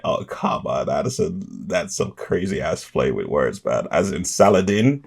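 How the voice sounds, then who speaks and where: A man's voice: low-pitched, sing-song, unhurried, vocal fry, breathy edge. A man hosting a reaction video, chatting casually with enthusiasm and chuckles, often restarting his sentences.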